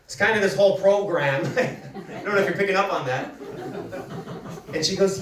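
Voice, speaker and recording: A man's voice: sits high, normal speed, pauses often, crowd noise. A man from Manitoba doing a self-deprecating stand-up set in a comedy club, laughing through his punchlines. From Manitoba, Canada. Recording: roomy club recording from a distance, audience noise.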